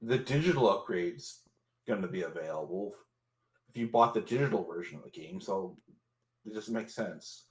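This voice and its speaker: A man's voice: deep voice, expressive, moderate pace. A man co-hosting a casual podcast livestream, complaining animatedly about games. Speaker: podcast co-host. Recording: roomy echo.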